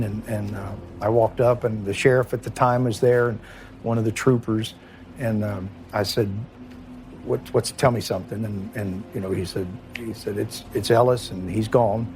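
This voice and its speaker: A middle-aged man, a former police chief from Kentucky, recalling events in an interview, plain-spoken and emotional, often halting and restarting. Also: mid-range voice, darkish tone, a little hiss or hum. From Kentucky, USA. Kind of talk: interview recollection.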